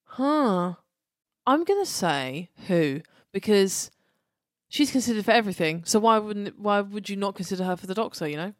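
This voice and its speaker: Woman host, expressive, excitable, dry close-miked sound, podcast chat. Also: mid-range voice, moderate pace, dry recording. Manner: excitable, expressive, swears freely.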